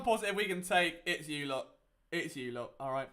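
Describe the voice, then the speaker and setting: A young man hosting a live watchalong, commenting on the game with exasperated, sarcastic asides that swing from loud outbursts to muttering. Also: fairly high pitch, lively intonation, moderate pace. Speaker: sports watchalong host.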